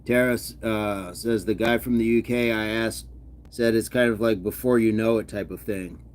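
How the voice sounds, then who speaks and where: A man's voice: lowish voice, fairly even intonation, moderate pace. A man hosting a fitness livestream, casually reading viewers' comments aloud and chatting back with an easygoing, laughing manner.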